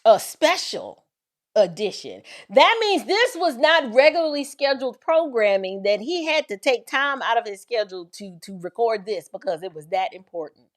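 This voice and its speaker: A woman's voice: on the high side, big pitch swings, moderate pace. A woman hosting an opinionated commentary vlog, speaking with sarcastic, mocking emphasis. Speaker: commentary host.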